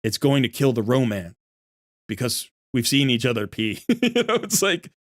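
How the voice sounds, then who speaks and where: A middle-aged man hosts a casual live stream from his desk at home, talking into a desk microphone with a medium-pitched, sing-song voice at a moderate pace. The sound is studio quality with no room sound, and he rambles, laughs a lot, and pokes fun at himself.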